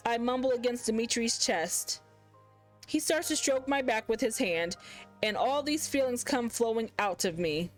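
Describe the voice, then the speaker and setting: A woman's voice: on the high side, moderate pace, faint music behind, rough recording. A woman hosting a gaming channel, reading a visual novel aloud in the first person and chatting about it expressively.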